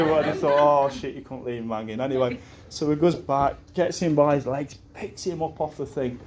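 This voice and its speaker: A man's voice: medium pitch, moderate pace, hardly any pauses, a loud crowd. A young man giving a best man speech at a wedding, rambling through anecdotes and laughing at his own stories, swearing casually. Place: wedding reception room.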